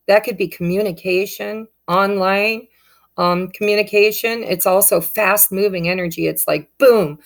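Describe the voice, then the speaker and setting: A woman giving a casual tarot reading, speaking straight to her viewers in an upbeat, encouraging way. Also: mid-range voice. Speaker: tarot reader.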